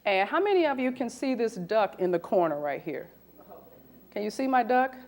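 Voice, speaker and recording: Animated woman recruiter in her forties. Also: fairly high pitch, normal speed. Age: 40s. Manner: animated, asks the audience questions. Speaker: recruiter giving a talk. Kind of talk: lively presentation to an audience.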